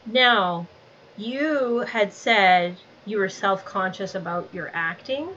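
A woman's voice: medium pitch, takes it slowly, bright, forceful tone. Encouraging woman interviewer, dull audio. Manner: encouraging, thoughtful, asks long questions. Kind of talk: casual interview conversation. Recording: slightly dull audio with faint background noise.

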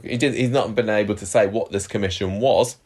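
A man's voice: lowish voice, brisk, darkish tone. A man co-hosting a podcast, retelling a news story in a rambling, self-interrupting way and laughing easily. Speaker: podcast co-host.

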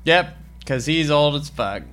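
Casting note: unhurried man with a bright, forceful voice, dry jokes and swearing while recapping a movie. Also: on the high side, expressive. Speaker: podcast co-host. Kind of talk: casual movie recap chat.

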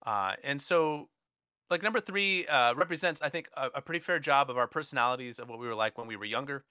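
A man's voice: mid-range voice, quick pace, pushed and bright, smooth, no room sound, studio quality. A man co-hosting a podcast, chatting casually and rambling with plenty of fillers as he reflects. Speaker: podcast co-host. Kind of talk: casual chat.

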